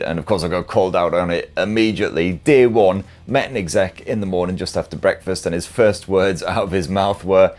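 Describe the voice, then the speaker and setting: Irreverent male tech-show host, low-ish voice, swears freely, jokes at his own expense. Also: darkish tone. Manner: cheeky, sweary, self-mocking banter. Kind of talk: casual tech news podcast.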